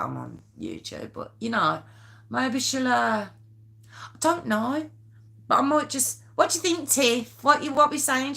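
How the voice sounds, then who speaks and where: A woman's voice: medium pitch, gravelly, bright, forceful tone. A young woman hosting a casual live stream, rambling nervously, stammering and restarting as she chats with viewers. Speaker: YouTube true crime host.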